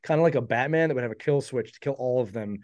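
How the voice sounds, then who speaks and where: A man's voice: medium pitch, fast, darkish tone, highs cut off. A forty-year-old man co-hosting a podcast, chatting casually and giving blunt opinions. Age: 40s. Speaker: co-host. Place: home studio in Philadelphia.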